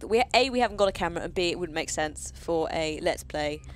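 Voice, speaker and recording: A woman's voice: lowish voice, expressive, a little fast, a little hiss or hum. A young woman commenting wryly on a video game with a friend, reading in-game notes aloud. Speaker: let's play co-host. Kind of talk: casual gameplay chat.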